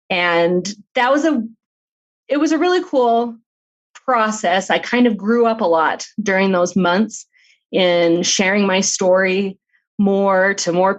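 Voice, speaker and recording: A middle-aged woman talks as a guest on an interview podcast, recounting a personal story in an earnest, open manner. Her pitch sits in the usual middle range for a woman, and she often breaks into light laughs. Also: muffled recording. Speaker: author and guest.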